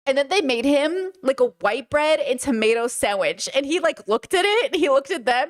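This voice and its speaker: A young woman hosting a live stream, chatting casually and telling family stories with lively acted-out quotes. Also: sits high, moderate pace, few pauses. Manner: animated storyteller, acts out family members' lines. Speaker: streamer host.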